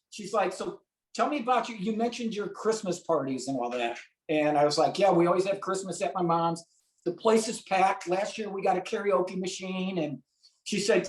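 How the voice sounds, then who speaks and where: Guy from st louis telling a long story on a podcast, acts out the quotes, bit of room echo. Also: sits high. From St. Louis, USA. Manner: animated storyteller acting out quotes. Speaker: guest. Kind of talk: storytelling in an interview. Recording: roomy echo.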